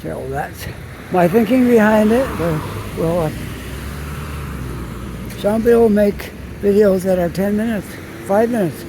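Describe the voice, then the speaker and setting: A man's voice: high voice, measured pace. A man from Canada narrating a walk through city streets, chatting and rambling as he thinks aloud, recorded on a phone. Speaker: walking vlogger. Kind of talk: casual walking narration. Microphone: phone held while walking. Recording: outdoor street noise behind.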